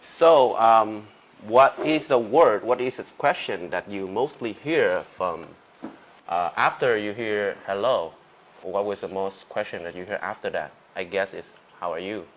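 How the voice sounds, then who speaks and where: A man's voice: on the low side, unhurried, a little hiss or hum. A man teaching English phrases, leaning hard on stressed words. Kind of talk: pronunciation lesson.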